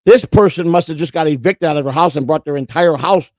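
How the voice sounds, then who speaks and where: A man's voice: fairly high pitch, quick pace, a little mellow, dry recording. A man from Florida co-hosting a casual livestream, telling long rambling stories and swearing freely. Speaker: co-host.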